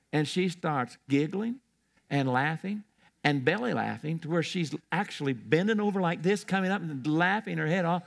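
A man's voice: mid-range voice, vocal fry. An older man preaching a sermon in a church, telling stories in a rambling way with restarts.

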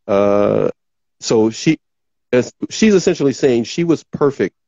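A man hosting a talk show, rambling casually as he reads out viewer comments, his voice going hoarse. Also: medium pitch, expressive, unhurried, dark tone, dry recording, muffled recording. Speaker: podcast host.

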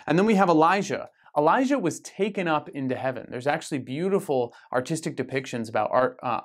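An American man leading a weekly parish Bible study, explaining scripture in a conversational way with frequent ums and self-corrections. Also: medium pitch. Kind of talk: casual Bible study teaching.

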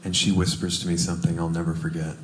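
A man's voice: sits low, monotone, quick pace, a little hiss or hum. A man from Cleveland telling a wry, self-deprecating story in a stand-up set. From Cleveland, USA. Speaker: stand-up comedian. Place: comedy stage before a live audience. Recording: echoey room with audience laughter.

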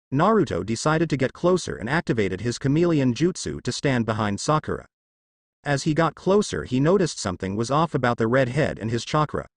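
A man narrating a fanfiction story as an audiobook with steady reading. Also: medium pitch, no room sound, clean studio sound.

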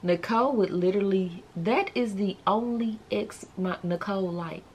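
A woman's voice: mid-range voice, moderate pace, slight background noise. A woman chatting casually to her viewers in a vlog, talking straight to camera. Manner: subdued and emotional. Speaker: vlogger.

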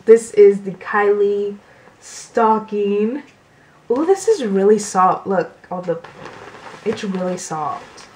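A young woman talking casually to her camera in a bedroom haul video, soft-spoken and gushing, with gasps and laughs. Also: medium pitch, takes it slowly. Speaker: beauty vlogger. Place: bedroom at home.

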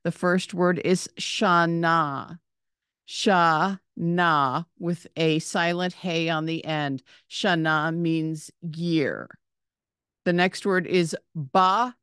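Lady teaching reading word by word, super slow, low voice, says each word twice. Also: fairly even intonation, a bit bright, clean tone, no echo, clean studio sound. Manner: patient, repeats each word, spells out letters and vowels.

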